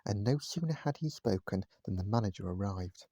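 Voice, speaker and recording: A man reading a children's storybook aloud at home, gentle and speaking straight to his listeners. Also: lowish voice, lively intonation, fairly quick, hardly any pauses, dry recording, clean studio sound. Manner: gentle, addresses listeners directly. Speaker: vlogger reading a bedtime story. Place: at home, indoors, cat on his knee.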